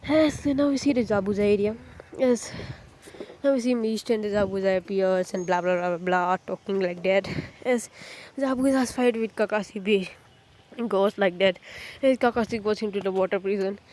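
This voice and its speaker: A woman recapping a fan story in a casual, rambling way, full of fillers, restarts and pauses to recall names. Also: medium pitch, a little mellow, slight background noise. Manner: rambling, leans heavily on "you can say" and fillers; hesitant, restarts and searches for names.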